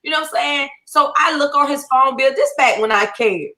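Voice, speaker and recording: A woman's voice: sits high, a little fast. A woman comedian, telling a story in a casual video chat and acting out the voices in it. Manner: animated, acts out the voices in her story. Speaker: guest comedian. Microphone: online video chat.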